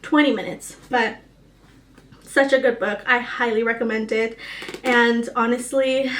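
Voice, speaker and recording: Young woman rambling about her monthly reads, bit high voice, lots of "like", gets all emotional. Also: steady tone, a little slow, fairly bright tone, a little hiss or hum. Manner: gushing, emotional, many "like" and "um" fillers. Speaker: book vlogger. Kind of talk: casual book review chat.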